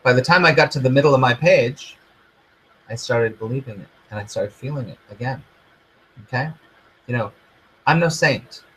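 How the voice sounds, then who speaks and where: Husky male spiritual coach, earnest and repetitive, soft near-whisper drops, mid pitch. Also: moderate pace, pauses often, poor audio. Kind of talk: motivational teaching to camera.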